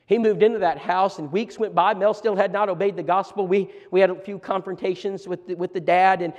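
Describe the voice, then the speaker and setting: A man with a notably high voice tells a story as a preacher, animated and stumbling over repeated words as he goes. His voice hangs in the long reverb of a church hall. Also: fairly quick, muffled recording. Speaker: preacher teaching a church seminar. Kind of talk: storytelling sermon lesson. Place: church auditorium.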